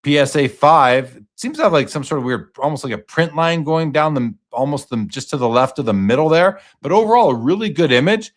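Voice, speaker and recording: A man hosting a live auction stream in a relaxed, chatty way. He reads out card grades and prices, gives quick verdicts, and passes questions to his guest. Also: a little high. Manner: casual, reads out lot details and asks the guest questions. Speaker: host.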